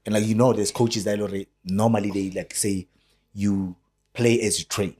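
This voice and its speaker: A man's voice: lowish voice, steady tone, moderate pace, darkish tone, husky. A South African man hosting an interview, eager and chatty, finishing his guest's sentences and prompting him with questions. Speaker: podcast host. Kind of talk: casual interview chat.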